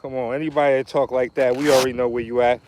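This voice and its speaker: A man, live-streaming a martial arts workout and chatting casually with viewers, trash-talking and joking with loud bursts and laughter. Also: medium pitch, level tone, racing, noisy background. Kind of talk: casual live-stream banter while training.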